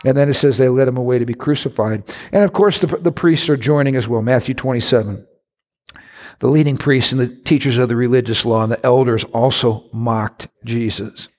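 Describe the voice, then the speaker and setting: A man's voice: brisk, darkish tone. Man preaching a dramatic sermon in a hall. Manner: dramatic, rising to high voices for quoted mockers. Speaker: pastor. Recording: reverberant hall.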